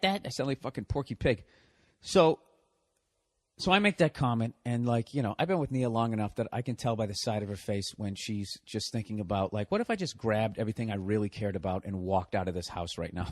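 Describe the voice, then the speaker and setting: Guy with a kinda high voice ranting on his podcast, swearing a lot, fed up. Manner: profane, exasperated ranting. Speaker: podcast host. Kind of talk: ranting comedic monologue.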